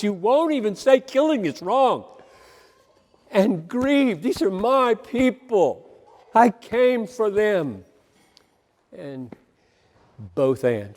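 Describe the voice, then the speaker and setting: A male preacher giving an impassioned, emphatic sermon, swinging between loud emphasis and quiet asides. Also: sits high, long reverb tail.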